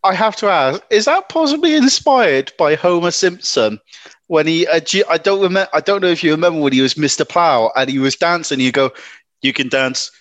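A man with a slightly high voice that swings widely in pitch, joking playfully as co-host. The sound is dry and close, with no room echo. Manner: animated, playful and quick to laugh. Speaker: podcast co-host. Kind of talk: casual chat.

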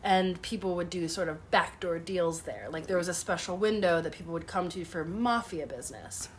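Brief: woman podcast co-host, animated storyteller, sick and coughing now and then, faint noise behind. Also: lowish voice, moderate pace. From part Sicilian and Italian heritage. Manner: animated storyteller, laughs often. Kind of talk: casual chat, storytelling.

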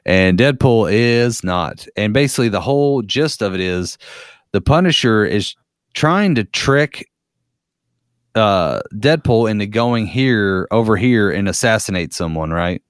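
A man's voice: fairly low pitch, expressive, measured pace, smooth, dry recording, studio quality. A man in a casual podcast chat, a profane, rambling storyteller.

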